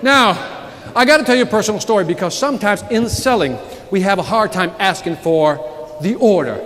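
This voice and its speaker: A man with a high, bright voice gives a motivational sales keynote. He jokes, quizzes the audience and pushes the energy up. His words ring out in a large hall with long reverb, with the crowd faintly heard. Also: brisk. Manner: energetic, joking, works the crowd with questions. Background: audience laughter and murmur.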